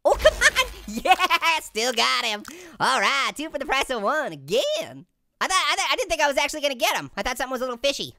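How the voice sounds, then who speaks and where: A man voicing a hyper, pun-loving talking orange, hosting gameplay commentary in a squeaky, sped-up high voice with constant giggly laughs. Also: very animated, fast, pushed and bright, no room sound, full character voice. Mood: manic. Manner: manic punning, constant cackling laughs. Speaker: let's play host. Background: game music.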